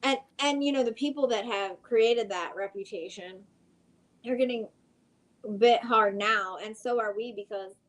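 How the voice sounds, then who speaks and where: Brief: woman guest with a slightly high voice, frank and plain-spoken in casual talk. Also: normal speed, a bit bright, low-quality recording. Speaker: podcast guest. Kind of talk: casual chat.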